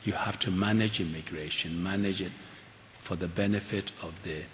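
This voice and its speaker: Older man with a very low voice in a hall. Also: steady tone, a bit bright. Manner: measured, earnest, frequent restarts. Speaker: keynote speaker. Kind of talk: lecture and audience Q&A. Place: large auditorium. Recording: hall reverb with faint hiss.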